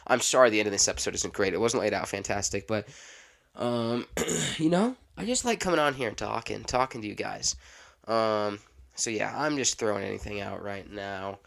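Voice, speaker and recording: A young man hosting a casual solo podcast, rambling off the cuff and stopping now and then to cough and clear his throat. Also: fairly low pitch, normal speed, a bit bright. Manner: rambling, unscripted, self-interrupting. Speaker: podcast host.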